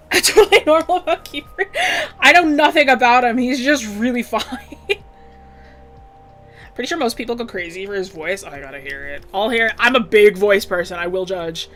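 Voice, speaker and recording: A woman's voice: medium pitch, moderate pace, fairly bright tone, faint music behind. A young woman chatting casually while she draws requests, laid-back, giggly and swearing casually. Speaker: artist streamer drawing requests. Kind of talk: casual chat while drawing.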